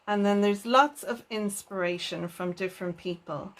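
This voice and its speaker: A woman hosting a papercraft unboxing video, speaking gently and often enthusing over each item. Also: mid-range voice, moderate pace. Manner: gentle, enthuses with repeated "lovely". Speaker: papercraft channel host.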